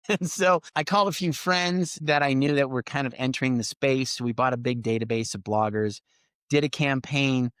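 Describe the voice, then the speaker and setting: Middle-aged male podcast guest, animated raconteur, plays out dialogue, dry recording. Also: medium pitch, normal speed, clean tone, no echo. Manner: animated storyteller, acts out quoted lines. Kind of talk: casual storytelling interview.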